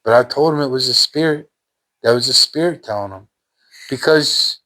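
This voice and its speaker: A man's voice: medium pitch, normal speed, pushed and bright. A man telling his personal faith testimony in a fervent, emphatic way, repeating phrases in casual everyday speech.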